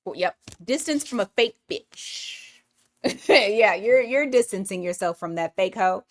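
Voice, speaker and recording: A woman's voice: mid-range voice, expressive, unhurried. A woman giving a casual weekly tarot reading, blunt and profane, thinking aloud as she pulls cards. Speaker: tarot reader.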